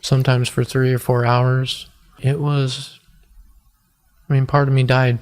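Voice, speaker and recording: A man in his forties from the United States, telling his own hard story on a podcast. He speaks earnestly and haltingly, restarting his sentences often. His voice stays almost completely flat and level, at a middling pitch. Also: clear, resonant tone. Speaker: podcast guest. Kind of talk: personal testimony in an interview.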